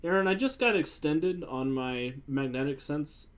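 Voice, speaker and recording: Excitable man playing a tabletop game. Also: a little high, measured pace, smooth. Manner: excitable and playful, hams it up. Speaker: player. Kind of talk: casual tabletop play.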